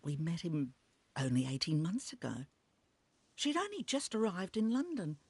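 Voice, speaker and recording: A loyal servant in a period game, bitter and formal. Her voice is lowish and husky. The recording is dry and close. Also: sing-song, moderate pace, a little mellow, no echo, exaggerated voice. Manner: formal, period-style speech with bitter contempt. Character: loyal female servant, bitter about her cruel late master.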